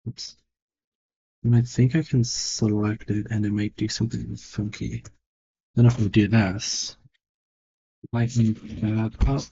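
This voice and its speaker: A man's voice: fairly low pitch, gravelly, dark tone, dull audio, slight background noise. A man thinking aloud and judging his own work as he draws, in casual narration. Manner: muttered, self-critical thinking aloud. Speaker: digital artist. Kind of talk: casual narration while drawing.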